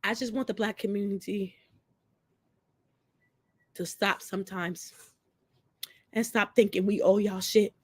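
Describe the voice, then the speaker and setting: A woman's voice: medium pitch, fairly even intonation, unhurried, pauses often, slightly rough, dry recording. A crying woman pouring out a profane, repetitive rant to her camera, speaking. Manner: tearful, repeating herself, profane. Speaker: vlogger. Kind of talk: emotional personal rant to camera.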